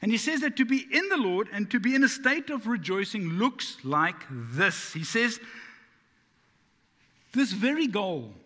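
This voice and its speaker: A man preaching with a high, lively voice that leaps around as he talks. He jokes and fires rhetorical questions at the congregation, and his words ring out with a long hall reverb. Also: normal speed, hardly any pauses. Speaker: pastor. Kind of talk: sermon.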